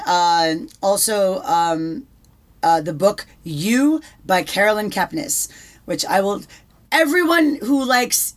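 Young woman, casual podcast co-host, mid-pitched, swears a lot, stumbles and repeats words. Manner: swears freely, fast restarts and repetitions. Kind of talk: casual chat.

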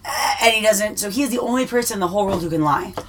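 A woman's voice: medium pitch, fast, slight background noise. A woman co-hosting a podcast in casual chat, eagerly asking questions and retelling a film plot. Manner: enthusiastic, recaps a film plot. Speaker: podcast co-host.

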